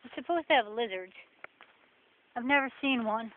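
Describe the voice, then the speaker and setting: A woman vlogger with a New Jersey accent and a slightly high voice rambles sarcastically while walking a forest path, speaking at normal speed with lively intonation. The casual vlog has a tinny, phone-like sound with faint noise.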